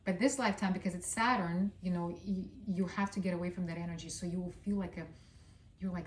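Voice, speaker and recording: A woman's voice: on the low side, steady tone, fast talker, a little hiss or hum. A woman with a Russian accent giving a casual astrology reading, rambling with fillers and blunt swearing. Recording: roomy sound, distant from mic.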